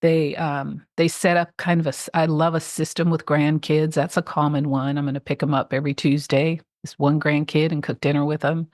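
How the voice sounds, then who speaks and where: A woman's voice: deep voice, flat delivery, fairly quick, hardly any pauses, a little mellow, no echo, clean studio sound. A middle-aged woman, a life coach guest, talking enthusiastically and a bit rambling about clients facing change. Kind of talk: casual interview chat.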